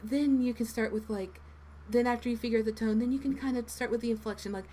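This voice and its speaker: A woman's voice: fairly high pitch, steady tone, quick pace, mellow, a little hiss or hum. A woman with an American East Coast accent hosting a casual live stream, giving rambling advice full of fillers. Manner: chatty, meandering, gives advice with many fillers. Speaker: voice actor and stream host.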